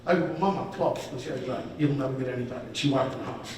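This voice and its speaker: A man's voice: mid-range voice, very fast, darkish tone, slight background noise. A man in his fifties giving a rambling, self-deprecating hall of fame acceptance speech at a banquet dinner. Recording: echoey banquet hall from far off.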